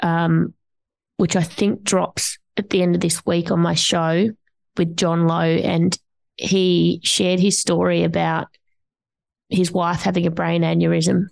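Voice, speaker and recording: Low, gravelly woman podcast host. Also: level tone, slow pace, darkish tone, no room sound. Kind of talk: casual interview chat.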